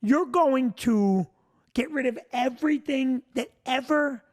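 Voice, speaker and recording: A male comedian telling a long comic story, animated and breaking into shouted punchlines. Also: extremely high pitch, takes it slowly.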